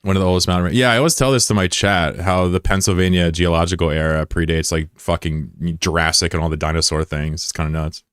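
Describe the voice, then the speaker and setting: Low-voiced joking streamer man. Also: steady tone, fast, few pauses, fairly bright tone, clear, resonant tone, no room sound, clean studio sound. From United States. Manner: joking, profane, rambling asides. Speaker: live streamer. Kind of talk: casual chat, reading out viewer comments.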